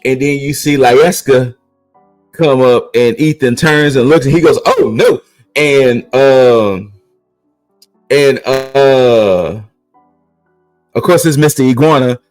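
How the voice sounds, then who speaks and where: Man, casual podcast recap, slow unhurried delivery, dry close sound, faint music behind. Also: medium pitch, darkish tone, dry recording, poor audio. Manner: rambling, repeats and restarts phrases. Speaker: podcast co-host recapping wrestling.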